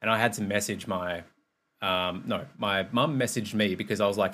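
A man's voice: sits low, fairly even intonation, a little fast, fairly bright tone. A man hosting a podcast, talking candidly and rambling in a casual monologue, swearing freely. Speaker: podcast host and personal trainer. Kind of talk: casual monologue, also streamed live.

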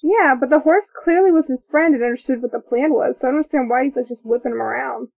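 A chatty, excitable woman co-hosting a podcast reacts to a film and reads her notes aloud in a casual movie-watching chat. Her fairly high voice has a gravelly fry, and she talks quickly. The audio is thin and tinny, like a phone line.

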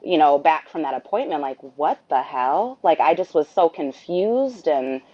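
Brief: talkative woman, lower voice, rambles and acts out lines, muffled lo-fi audio. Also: lively intonation, normal speed. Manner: chatty, rambling, acts out dialogue. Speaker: guest, the host's sister. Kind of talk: storytelling conversation. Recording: dull lo-fi sound.

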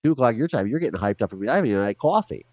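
A man's voice: mid-range voice, sing-song, rapid-fire, a little mellow, no room sound. A man as an interview guest, talking candidly and animatedly in a casual conversation over a remote call, with frequent restarts and swearing.

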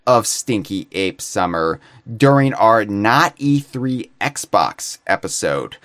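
A man's voice: fairly low pitch, very animated, takes it slowly, fairly bright tone, no room sound, clean studio sound. A man co-hosting a casual podcast chat, playful and theatrical, with mock-grand phrasing. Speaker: podcast co-host.

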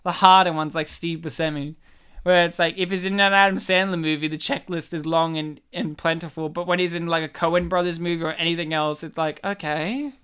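A podcast co-host chatting casually with a friend. The voice is smooth and clear. The talk is full of jokes, teasing jabs and swearing. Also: medium pitch, steady tone, brisk, fairly bright tone. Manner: joking, profane, teasing. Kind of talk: casual chat.

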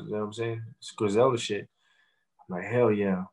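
A man's voice: lowish voice, brisk. A man in his thirties, a rapper telling stories in a casual interview, swearing a lot and repeating fillers. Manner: profane, animated storytelling with many fillers.

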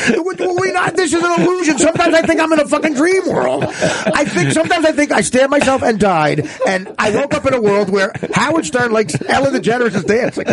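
High-pitched, gravelly ranting man. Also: expressive, fairly quick, hardly any pauses, crowd noise. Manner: heated, laughing rant. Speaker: comedian guest. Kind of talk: ranting podcast banter.

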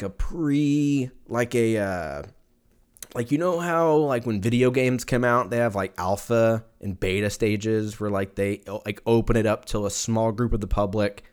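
A man hosting his own podcast, chatting casually in a rambling, profane way and laughing often as he goes. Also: lowish voice. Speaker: podcast host. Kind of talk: casual solo podcast rant. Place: lives in Texas.

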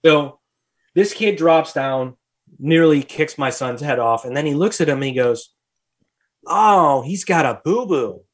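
A young adult man hosting a podcast, telling a story in a lively, profane, casual way. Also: a little high, moderate pace. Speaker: podcast host.

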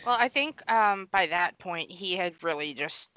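Slow, bright-voiced woman, very dry sound. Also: fairly low pitch, expressive, low-quality recording. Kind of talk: casual chat.

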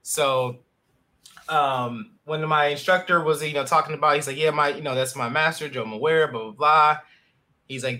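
A young man hosting a casual podcast interview, relaxed with many fillers. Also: fairly high pitch, moderate pace. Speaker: podcast host.

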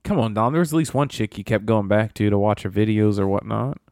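A man hosting a podcast, joking crudely with friends, swearing freely and laughing loudly. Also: on the low side, no room sound, studio quality. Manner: loud, swearing, laughing, fast talker. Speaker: podcast host. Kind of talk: crude casual banter.

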